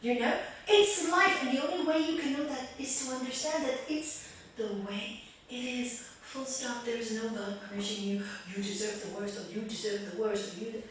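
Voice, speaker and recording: A woman raja yoga teacher giving a spiritual talk to a small group, chatty and lively, often laughing as she tells stories. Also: a little high, moderate pace, few pauses, a little hiss or hum. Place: meditation group room. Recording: echoey room, voice picked up from a distance.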